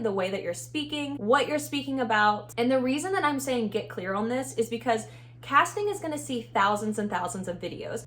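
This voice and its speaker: Upbeat Texan woman, chatty and emphatic. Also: a little high. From Texas. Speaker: vlogger, former reality show contestant. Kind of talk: casual advice vlog.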